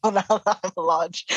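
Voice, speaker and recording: A woman's voice: medium pitch, slightly rough, no room sound, poor audio. A woman playing a tabletop game, easygoing and often laughing. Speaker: player.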